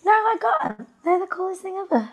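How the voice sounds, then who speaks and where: A young woman co-hosting a podcast, chatty and quick to laugh. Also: very high voice, sing-song, poor audio. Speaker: podcast co-host. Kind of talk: casual chat.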